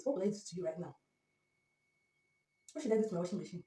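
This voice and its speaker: A woman's voice: lowish voice, lively intonation, very fast, pauses often, warm tone. A woman from Nigeria with a Nigerian accent, ranting dramatically and repeating herself in a vlog at home. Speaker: vlogger. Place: home, indoors by the washing machine. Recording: echoey room, mic far off.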